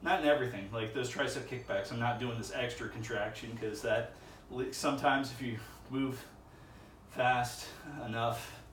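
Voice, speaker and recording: A man's voice: medium pitch, steady tone, moderate pace, a bit bright, a little hiss or hum. Man rambling through a gym workout. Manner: rambling, musing aloud between sets. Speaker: vlogger. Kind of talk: casual workout vlog. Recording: echoey gym, far from mic.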